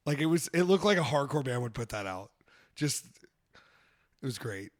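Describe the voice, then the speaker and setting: Animated and at a moderate pace, a medium-pitched male comedy podcast host tells loose travel tales laced with profanity. It's casual, comedic talk punctuated by lots of laughter.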